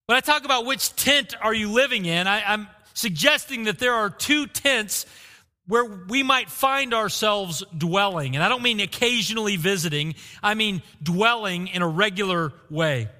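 A man's voice: sits high, moderate pace, sharp tone. A man preaching a sermon as pastor, asking rhetorical questions and repeating key phrases, recorded in a church sanctuary with long reverb.

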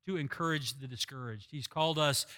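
A middle-aged man preaching a sermon, telling a self-mocking story with animated, humorous delivery. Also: medium pitch, fairly quick. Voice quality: voice likened to a screaming rock singer. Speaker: pastor.

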